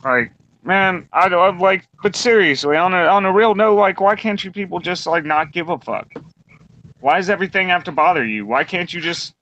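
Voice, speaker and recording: A man's voice: high voice, normal speed, bright, forceful tone, slight background noise. A man in his twenties ranting bluntly and profanely in a casual round-table talk. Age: 20s. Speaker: podcast co-host. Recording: dull lo-fi recording.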